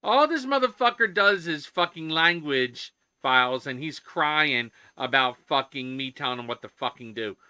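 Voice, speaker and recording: A man's voice: a little high, expressive, normal speed, few pauses, pushed and bright, clear, resonant tone, no room sound, clean studio sound. A man streaming himself coding, ranting in casual chatter with constant swearing. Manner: profane, ranting, heavy swearing.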